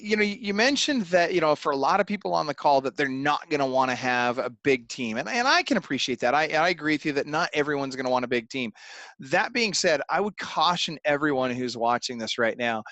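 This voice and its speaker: Man, higher voice, emphatic coaching talk, dry recording. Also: sharp tone, dry recording. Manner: emphatic, persuasive, with repeated restarts. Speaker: real estate coach. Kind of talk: webinar interview.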